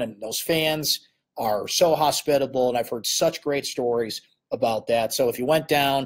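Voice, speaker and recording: A man hosting a live postgame sports chat, talking casually and animatedly with frequent fillers. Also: mid-range voice. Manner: animated, conversational, many fillers. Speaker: sports columnist host.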